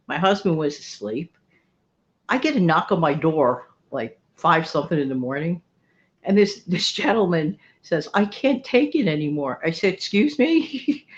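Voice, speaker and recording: A woman's voice: fairly low pitch, muffled recording. A middle-aged woman hosting a vlog, telling stories in a chatty, rambling way and laughing often. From New York City. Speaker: vlog host. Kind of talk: casual storytelling monologue.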